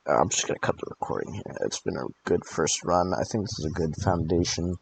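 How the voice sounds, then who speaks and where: Late at night, an eighteen-year-old gaming host drifts through gameplay commentary, worn out from allergy pills and cracking drowsy jokes. His deep, creaky voice moves briskly. The recording is low-quality with clicking over his speech.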